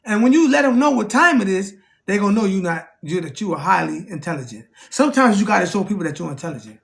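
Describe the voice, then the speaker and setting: Fast and creaky, a man streams and chats casually with his viewers in an animated way. Acting out conversations sends his pitch jumping up, and "you know what I'm saying" keeps coming back.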